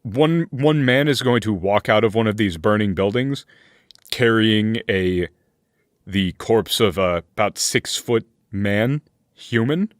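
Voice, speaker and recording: A man running a tabletop game as game master, narrating slowly with fillers and restarts. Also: on the low side, no echo, studio quality. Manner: slow, hesitant narration with many fillers.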